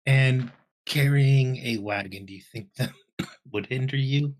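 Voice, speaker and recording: A man's voice: mid-range voice, a little slow. A man playing a tabletop game in character, thinking aloud with hesitant restarts.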